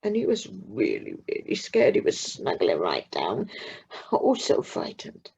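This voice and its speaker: A woman narrating a children's story in a slow, expressive way with dramatic pauses. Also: a bass voice, breathy edge. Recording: muffled lo-fi recording.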